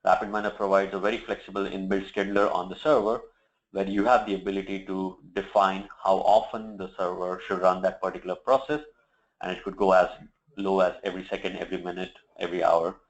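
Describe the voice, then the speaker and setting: Male presenter, deep voice, steady explanatory software walkthrough, dull lo-fi webinar sound. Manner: steady explanatory, occasional fillers. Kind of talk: product demo walkthrough.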